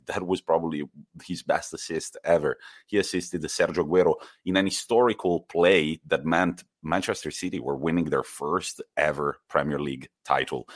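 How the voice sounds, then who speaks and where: A man co-hosting a football podcast, telling stories in a casual, rambling way. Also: deep voice. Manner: storytelling, rambling with fillers. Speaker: podcast co-host. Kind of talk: casual chat.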